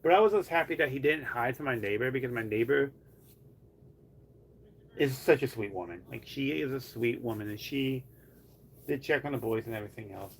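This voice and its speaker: A man's voice: medium pitch, brisk, long pauses, a little hiss or hum. A man live streaming from home, chatting casually in a rambling way full of "like". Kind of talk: casual chat.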